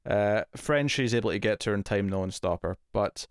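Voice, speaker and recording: A man's voice: fairly low pitch, a little fast, clear, resonant tone, no room sound, studio quality. A man co-hosting a TV review podcast in casual chat, talking loosely with lots of fillers and easy laughs.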